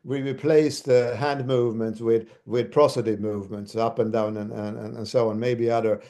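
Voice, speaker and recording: A man giving an academic lecture as a university lecturer, speaking haltingly with many restarts. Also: medium pitch, fairly even intonation, warm tone.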